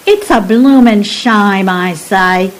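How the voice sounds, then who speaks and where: A woman's voice: mid-range voice, slow, close to an everyday voice, poor audio. A woman voicing a chatty young housemaid who drops her h's and gushes. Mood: gossipy. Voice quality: dropped h's, broad working-class speech. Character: cockney maid Lucy, gossipy and excitable.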